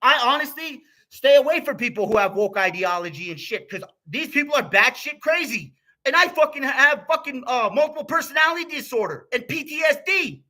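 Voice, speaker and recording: Swearing nonstop, this American YouTuber rambles angrily through a vlog rant. He speaks a little fast and expressively, in a bright, forceful voice that sits high for a man.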